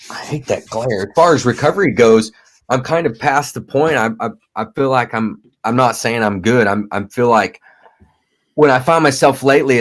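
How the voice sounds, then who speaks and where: A man in his thirties in recovery, a guest talking candidly, halting and repeating words and swearing freely. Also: medium pitch, a bit bright. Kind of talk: candid conversation.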